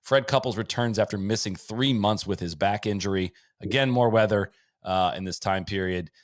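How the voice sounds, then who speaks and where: A man hosting a podcast in casual chat, rattling off lists of stats with quick asides. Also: on the low side, no echo, clean studio sound. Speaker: podcast host. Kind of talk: casual chat recapping a sports season.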